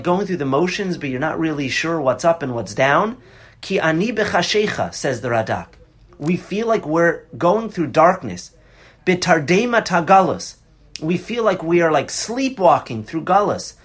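A man's voice: a little high, a bit bright, slightly rough. A man in his thirties teaching a Torah class on a psalm, earnest and conversational with bursts of passion.

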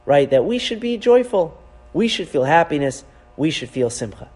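Rabbi giving a Torah class, male, high voice, swoops up and down, keeps asking "right?". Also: normal speed, breathy edge. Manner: animated, asks rhetorical questions, frequent "right?"; weaves in Hebrew terms.

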